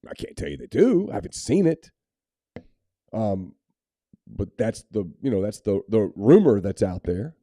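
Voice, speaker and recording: A man's voice: fairly low pitch, big pitch swings, measured pace, pauses often, warm tone, no room sound, clean studio sound. A man co-hosting a sports podcast, talking candidly and opinionatedly in casual chat, with frequent restarts. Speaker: podcast co-host.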